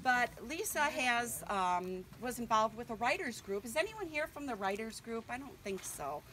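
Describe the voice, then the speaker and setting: Older woman, book launch speech, slightly high voice, nervous chatty thank-yous, noisy room. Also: expressive, normal speed, fairly bright tone. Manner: chatty and nervous, with frequent um and laughs. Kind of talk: casual speech to a party audience.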